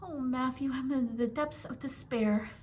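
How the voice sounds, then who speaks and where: A woman's voice: mid-range voice, animated, moderate pace, a little mellow, a little hiss or hum, natural voice. A woman doing a gushing orphan girl. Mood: pleading, dramatic. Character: chattery dramatic orphan girl with red hair.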